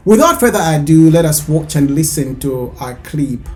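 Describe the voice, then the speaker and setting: A man hosting an online news commentary show, explaining events in a measured way with some fillers. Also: a little high, sing-song, a little mellow, soft background music.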